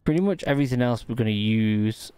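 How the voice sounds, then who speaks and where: A man's voice: mid-range voice, brisk, warm tone, slight background noise. A man giving gameplay commentary, thinking aloud and muttering to himself as he works out puzzles. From United Kingdom. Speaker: gaming channel host.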